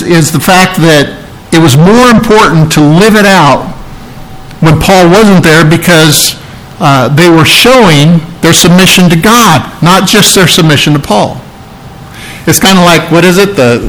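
Man, preacher, sermon, slightly higher voice, earnest, repeats key phrases. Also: fairly bright tone, low-quality recording.

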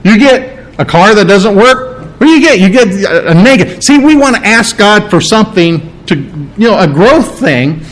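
A man preaching a sermon in a lively, conversational way, with emphatic repetition and joking asides. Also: high voice, moderate pace, rough recording.

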